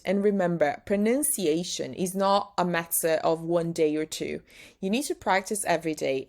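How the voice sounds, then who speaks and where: A young Brazilian woman with a British-style English accent, teaching pronunciation and saying each practice word slowly and emphatically. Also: lowish voice, a little mellow. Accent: Brazilian, speaking British-style English. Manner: drills words slowly and emphatically, exaggerated articulation. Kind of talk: pronunciation lesson.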